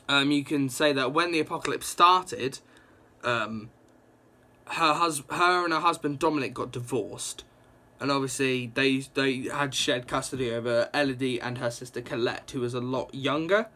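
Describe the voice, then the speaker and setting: A young man recapping a comic book issue in a casual, excited ramble, full of "like" and quick reactions. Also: mid-range voice.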